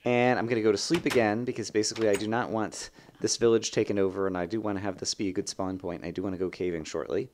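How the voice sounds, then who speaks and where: A young man hosting a let's play, chatting and thinking aloud as he plays, with sudden bursts of excitement. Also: fairly low pitch, fast talker, hardly any pauses, background noise. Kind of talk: gameplay commentary.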